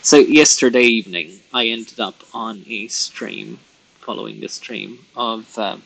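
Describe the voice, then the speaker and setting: A man's voice: on the low side, steady tone, unhurried, vocal fry, a bit bright, slightly rough, poor audio. A man chatting casually with his viewers while colouring on a live stream, rambling and laughing at himself.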